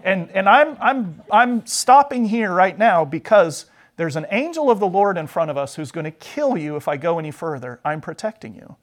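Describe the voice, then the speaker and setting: A man's voice: sits high, very animated, moderate pace, hardly any pauses. Man voicing a loyal, indignant talking donkey. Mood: pleading. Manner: protesting, pleading.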